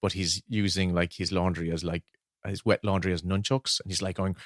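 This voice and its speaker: A man's voice: deep voice, fairly quick, no echo, studio quality. A man co-hosting a podcast, telling stories with lots of laughing during casual chat about films. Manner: laughs often, animated storytelling. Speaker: podcast co-host.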